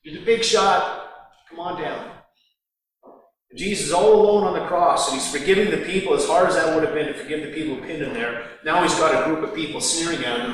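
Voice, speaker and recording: High-voiced preacher in an echoing hall. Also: male voice, a bit bright. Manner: acts out the mockers' voices with sarcasm. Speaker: pastor. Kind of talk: sermon. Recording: distant mic in a reverberant hall.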